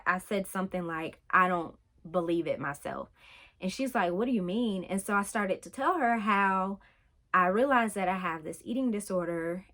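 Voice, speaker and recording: A woman's voice: lowish voice, fairly bright tone. A young adult woman speaking candidly in a personal vlog, telling her own story in a conversational way with lots of fillers. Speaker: vlogger.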